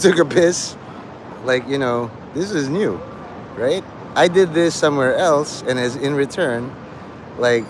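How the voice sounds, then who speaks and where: A man's voice: medium pitch, noisy background. Rambling, profane male livestreamer. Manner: rambling, profane, jumps between topics. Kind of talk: rambling live-stream monologue.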